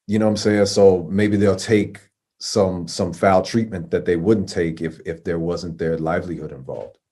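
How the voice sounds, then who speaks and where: Low-voiced man speaking earnestly. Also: fairly even intonation, moderate pace, mellow. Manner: earnest, often asks "you know what I'm saying". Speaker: panelist. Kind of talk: casual panel discussion.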